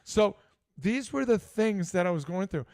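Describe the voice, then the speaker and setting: A man co-hosting a live sports talk show, telling an animated story with frequent laughter. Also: high voice, moderate pace, no room sound, studio quality. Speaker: co-host. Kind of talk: casual chat.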